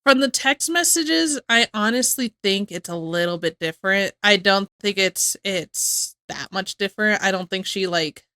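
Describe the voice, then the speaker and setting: Woman, bright voice, dry sound; chatty reaction host who rambles and laughs. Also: mid-range voice, normal speed, hardly any pauses, no room sound. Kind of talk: casual reaction commentary.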